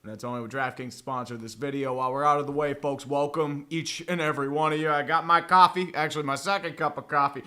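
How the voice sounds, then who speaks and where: A man's voice: fairly high pitch, fairly even intonation, quick pace, hardly any pauses, pushed and bright. A young man casually chatting and joking through a live sports watch-along, profane and rambling with dramatic swings. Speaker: livestream host.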